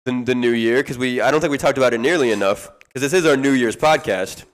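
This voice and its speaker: A man's voice: mid-range voice, fast talker. A young man co-hosting a podcast, talking casually and rambling with frequent restarts and fillers. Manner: rambling, hesitant, many restarts. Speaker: podcast co-host. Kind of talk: casual chat.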